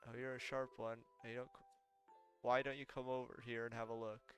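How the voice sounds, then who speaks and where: A man reading an easygoing middle-aged father's lines aloud in a flat monotone. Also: medium pitch, a little fast, faint music behind, close to an everyday voice. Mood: calm.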